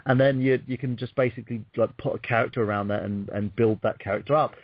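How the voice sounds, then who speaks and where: A man's voice: mid-range voice, steady tone, quick pace, highs cut off. Rambling man hosting a podcast. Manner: rambling, hesitant, with many restarts. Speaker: podcast host. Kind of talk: casual chat.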